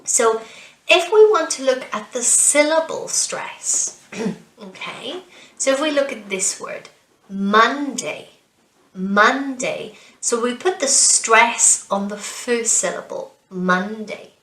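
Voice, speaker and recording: A young woman teaching a beginner English class, saying words slowly and clearly, repeating them and praising the learners as she goes. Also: a little high, animated, far from the mic. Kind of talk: slow beginner language lesson with repetition. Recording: echoey room, voice somewhat off-mic.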